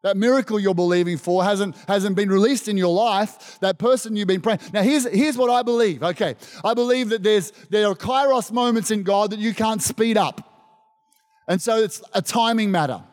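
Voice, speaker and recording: A man preaching a sermon as pastor, animated and emphatic, calling out to his congregation. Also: high-pitched, moderate pace. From Australia. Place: church service. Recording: long reverb of a church hall.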